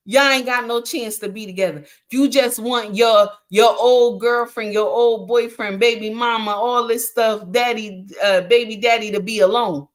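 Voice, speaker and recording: A woman hosting a casual livestream on relationships, speaking in an animated, preachy way, often calling listeners honey and answering chat comments. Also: on the high side, a little slow. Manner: reacts to chat comments while talking. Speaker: livestream relationship advice host.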